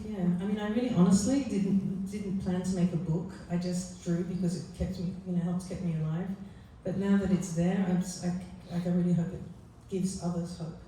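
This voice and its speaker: A woman author speaking softly and earnestly at a book launch, often pausing with fillers. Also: fairly low pitch, slight background noise. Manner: soft, heartfelt, halting with fillers. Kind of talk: conversational talk and poetry reading. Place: event venue. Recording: echoey room from far off.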